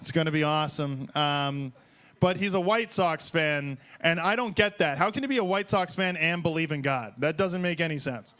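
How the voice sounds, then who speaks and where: A young man from Detroit doing a profane, excitable, rambling stand-up set on stage at a small bar open mic. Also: on the high side, moderate pace.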